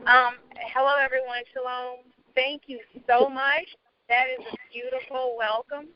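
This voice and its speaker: A woman in her thirties, a guest asking questions, gives an earnest, halting, emotional personal testimony while speaking on a call from her car. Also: high voice, level tone, highs cut off, a little hiss or hum. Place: in a moving car. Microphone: phone or call audio while driving.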